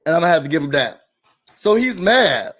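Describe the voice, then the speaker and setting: Man, sassy reality TV recapper, somewhat high voice, animated, casual. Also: a little fast. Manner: sassy, animated, quotes people in mocking voices.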